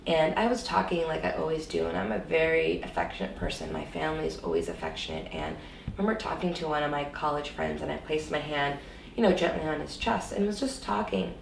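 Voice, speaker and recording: A woman's voice: low-pitched, expressive, fairly quick, gravelly, recorded from a distance, slight background noise. A woman guest in an interview, candidly telling a personal story with emotion and many fillers, in an echoey room set back from the mic.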